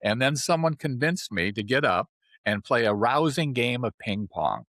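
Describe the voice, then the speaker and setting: A man's voice: medium pitch, normal speed, dry recording. Older man telling chatty stories, dry sound. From California. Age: 70s. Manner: chatty, animated storyteller, often adds "right?". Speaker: guest. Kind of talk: casual storytelling interview.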